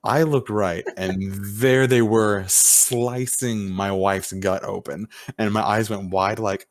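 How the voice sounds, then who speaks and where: A man's voice: lowish voice, steady tone, takes it slowly, few pauses. A man hosting a podcast, telling a casual story with acted-out quotes and plenty of swearing. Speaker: podcast host. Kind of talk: casual chat.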